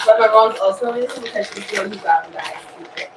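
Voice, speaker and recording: A woman's voice: medium pitch, very fast, noisy background. A young woman chatting playfully with her mother in a home kitchen, teasing and joking as she talks. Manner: playful, animated banter. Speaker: host's daughter. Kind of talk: casual chat.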